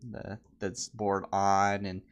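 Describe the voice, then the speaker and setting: A man co-hosting a podcast, chatting casually and telling stories, acting out quoted people in high voices. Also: slow, clean tone, muffled recording. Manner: animated storyteller, acts out quotes in high voices. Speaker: podcast co-host. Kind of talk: casual chat.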